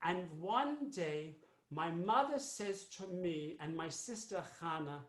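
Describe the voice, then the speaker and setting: A man's voice: sits high, animated, slow. A man playing an elderly Jewish immigrant grandmother, a fussy, rambling storyteller who keeps repeating herself. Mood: somber. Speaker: cantor. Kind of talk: live character monologue. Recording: roomy echo.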